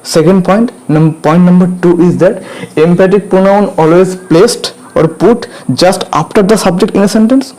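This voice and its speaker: A man with an Indian English accent teaching English grammar, repeating each point and asking "clear?" to check understanding. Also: high-pitched, normal speed, darkish tone, poor audio. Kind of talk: slow classroom explanation.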